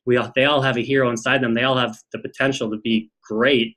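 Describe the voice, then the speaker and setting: A man's voice: mid-range voice, level tone, fast talker, a bit bright. Upbeat male podcast host. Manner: upbeat, encouraging. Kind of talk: casual interview. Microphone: remote call.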